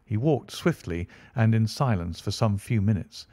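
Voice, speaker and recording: Here a low-voiced man narrates an audiobook with calm, even pacing, telling the story in a measured way. There's no echo on the recording.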